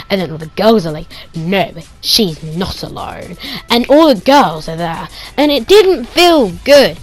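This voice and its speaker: A woman with a mid-range voice gives a casual spoken movie review at normal speed. She excitedly retells scenes with pew-pew sound effects, then drifts into quiet, rambling asides.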